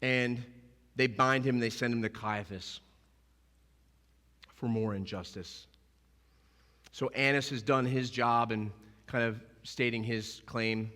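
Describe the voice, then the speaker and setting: A male pastor preaching a sermon, animated and emphatic, acting out scenes as he goes. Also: medium pitch, slow pace, long pauses, big-room sound. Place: church sanctuary.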